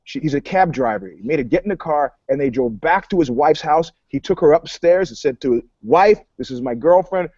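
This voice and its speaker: A man on a podcast panel, telling a story in a wry, animated, joking way. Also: on the high side, no room sound, lo-fi sound. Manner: animated, wry, quick to joke. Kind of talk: casual chat, storytelling.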